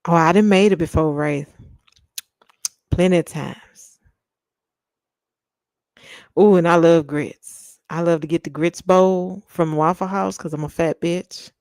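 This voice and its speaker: Slow, playful woman chatting live. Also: on the low side, steady tone, a little mellow, no echo. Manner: playful, teasing, drawls food lists slowly. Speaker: livestream host. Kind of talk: casual live chat with viewers.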